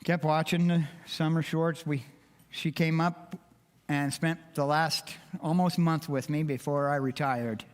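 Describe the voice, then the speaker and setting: A man's voice: fairly high pitch, fairly even intonation, unhurried. An older man giving a heartfelt, emotional personal testimony to a church congregation. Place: church sanctuary. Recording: long reverb of a church hall.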